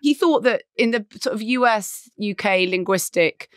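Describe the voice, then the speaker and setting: A woman co-hosting a podcast, chatting in an animated way with quick asides and laughs. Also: medium pitch, dry recording, studio quality. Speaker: podcast co-host. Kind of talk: casual chat.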